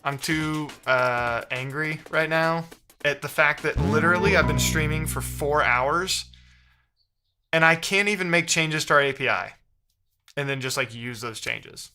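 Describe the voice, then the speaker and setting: A man's voice: fairly high pitch, measured pace, pushed and bright, soft background music. A man live-streaming while he codes, reading chat aloud and muttering his frustration to himself.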